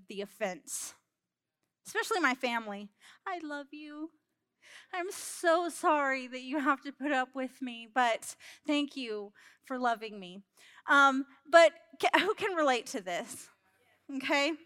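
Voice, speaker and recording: High, bright-voiced woman preaching. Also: dry recording. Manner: candid, self-mocking, storytelling; laughs between lines. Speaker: church speaker. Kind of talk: sermon with personal anecdote.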